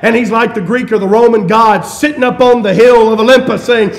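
Man, preacher, high voice, fervent sermon, shouts and hushed asides, folksy humor. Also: a little fast, few pauses. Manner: chuckles and folksy humor between points. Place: church.

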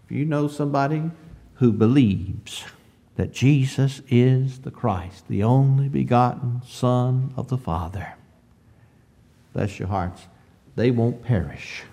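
A man preaching a sermon in an emphatic cadence, stretching out phrases, swelling on key words and often clearing his throat. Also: mid-range voice, animated, slow pace, warm tone.

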